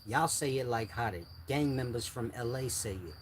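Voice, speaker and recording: A man's voice: mid-range voice, moderate pace. An older man, speaking bluntly in street slang to his viewers in a casual monologue. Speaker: channel host giving advice. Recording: faint insect and cricket noise. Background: crickets and insects faintly.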